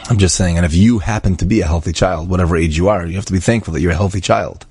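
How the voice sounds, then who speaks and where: A man telling an inspirational story in a chatty, animated way, acting out the dialogue with frequent asides and fillers. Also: low voice, rapid-fire, husky.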